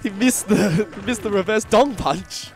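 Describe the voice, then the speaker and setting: A man's voice: sits high, measured pace, over music. A man commentating a live esports match, playful and bantering with his co-caster. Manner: playful, banters and mimics players.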